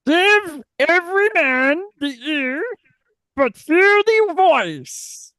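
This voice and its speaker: A man putting on a theatrical Shakespeare voice, declaiming slowly in a grand, drawn-out way. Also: very high-pitched, very animated, bright, forceful tone, no room sound, pitched above the performer's own voice, heavily acted, rough recording. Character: pompous booming Shakespeare, a grand old English playwright.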